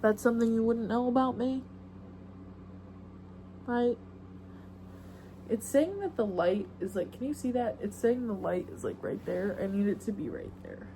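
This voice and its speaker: A woman's voice: a little high, lively intonation, normal speed, long pauses, dark tone, a little hiss or hum, poor audio. A young woman hosting a podcast alone, chatting in a rambling, slangy, self-mocking way into a phone camera. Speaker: podcast host. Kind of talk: casual solo chat.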